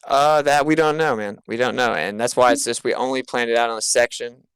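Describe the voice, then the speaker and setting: A man's voice: medium pitch, steady tone, a little fast, a bit bright, clear, resonant tone, no echo. A man who runs a channel, talking casually in a voice chat in a laid-back drawl and repeating stock phrases. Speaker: flat earth channel host.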